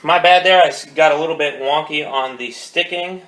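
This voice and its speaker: A man teaching a drum lesson, counting beats aloud and coaching calmly. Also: a little high, normal speed. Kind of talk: instructional rudiment lesson. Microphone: phone. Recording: echoey room with faint noise.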